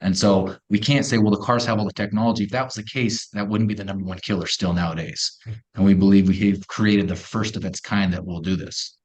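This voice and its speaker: Man, middle-aged, low voice, energetic pitch, folksy phrasing, podcast guest. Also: fairly quick. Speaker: company co-founder guest. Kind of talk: podcast interview.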